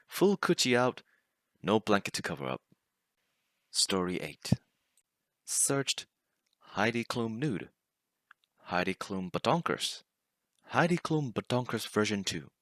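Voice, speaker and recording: Man, low-pitched, casual storyteller, chuckling as he reads, dead dry sound. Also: a bit bright, no echo. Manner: amused, often laughing as he reads. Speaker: storyteller reading online stories. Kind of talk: casual narration of funny stories.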